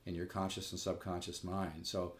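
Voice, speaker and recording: A man's voice: medium pitch, lively intonation, normal speed. A man giving a casual guitar lesson, who rambles, repeats words and sings out rhythms as he explains. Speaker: guitar teacher. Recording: guitar music playing behind.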